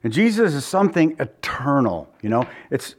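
A pastor preaching a sermon in a conversational way, with asides to the congregation and the odd chuckle. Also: male voice, mid-range voice, big pitch swings, normal speed.

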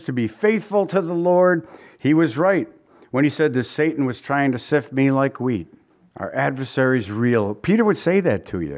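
Male preacher, slightly high voice, very animated delivery with wide swings, questioning his listeners. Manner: animated preaching, rising high for quotes and dropping low for emphasis. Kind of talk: sermon.

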